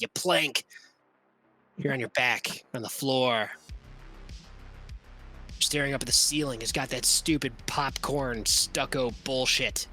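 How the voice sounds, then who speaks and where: A man with a bright, pushed, mid-range voice runs a tabletop game as game master. He narrates the action casually and vividly, with plenty of profanity and constant fillers like "like" and "you know."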